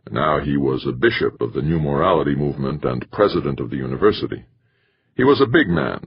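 A man reading a novel aloud as a narrator, in a steady, even storytelling manner. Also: rumbling low, slightly rough. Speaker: audiobook narrator. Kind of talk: scripted narration. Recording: muffled lo-fi recording.

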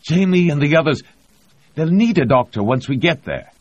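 A man's voice: on the high side, huge pitch swings, moderate pace, a little mellow, husky, no room sound, voice pushed up, heavily acted. A man voicing a guilt-stricken male doctor who pleads in a raised, anguished voice, on a dull lo-fi recording. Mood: pleading.

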